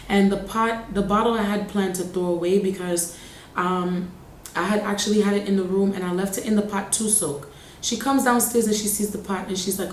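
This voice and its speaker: A woman's voice: medium pitch, a little mellow. Blunt young woman telling a story. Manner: blunt, emphatic storytelling with frequent swearing. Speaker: vlogger. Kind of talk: casual storytime. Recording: echoey room, faint background hum.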